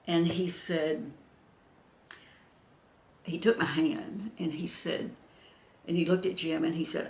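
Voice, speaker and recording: An older woman tells a personal story to her viewers, her voice gravelly and a little rough. She retells it with feeling, acting out what others said. The room around her is roomy and echoey. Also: low voice. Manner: emotional retelling, acting out other people's words. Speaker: vlogger telling a personal story. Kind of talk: casual storytelling to camera.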